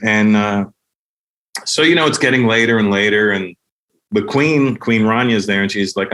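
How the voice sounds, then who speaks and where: A man's voice: on the low side, normal speed. Guy telling a wild story on a podcast, swears a lot, jumps into voices for everyone. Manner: animated, profane, acts out the dialogue. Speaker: comedian guest. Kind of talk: comic storytelling anecdote.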